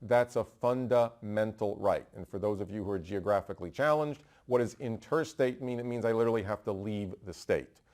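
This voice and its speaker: A man from New York teaching a bar exam review, fast and emphatic, asking rhetorical questions and answering them himself. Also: fairly low pitch, a little mellow. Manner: brisk and emphatic, repeating key terms. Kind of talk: energetic law review lecture.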